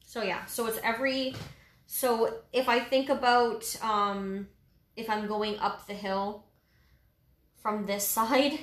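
A woman's voice: fairly high pitch, fairly even intonation, slow. A woman giving a casual step-by-step painting tutorial, easygoing and full of little fillers. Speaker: painting instructor. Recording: roomy echo.

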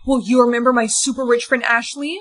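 Woman doing a comedy skit, high-pitched, bratty and demanding. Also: steady tone, a little fast, fairly bright tone. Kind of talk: comedy skit role-play.

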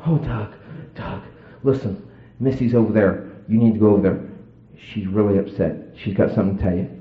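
A man's voice: lowish voice, brisk, lightly acted. A man preacher voicing a worried friend who urgently tells a father to go see his upset wife. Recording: roomy, tinny phone-like old tape.

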